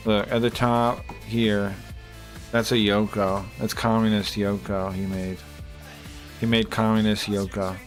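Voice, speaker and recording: A man's voice: lowish voice, level tone, unhurried. A man streaming live, chatting casually and rambling to his chat, with mild swearing and many fillers. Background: faint music.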